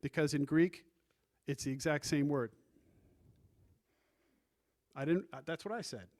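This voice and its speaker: A man's voice: a little high, unhurried, darkish tone. A man preaching a sermon as pastor, reading scripture aloud and guiding the congregation through the text. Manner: teaching, reads scripture aloud and directs the congregation.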